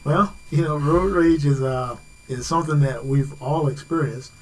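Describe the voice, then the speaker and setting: A man's voice: a little high, normal speed, darkish tone, slight background noise, poor audio. A man giving safety advice on a talk radio show, talking conversationally, laughing easily and restarting his sentences. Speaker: safety expert guest.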